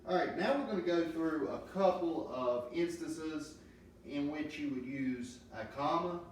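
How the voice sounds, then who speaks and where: Man teaching slowly, distant and roomy. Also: on the high side. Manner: slow, patient explaining with many ums. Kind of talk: classroom grammar lesson. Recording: roomy, distant mic with faint noise.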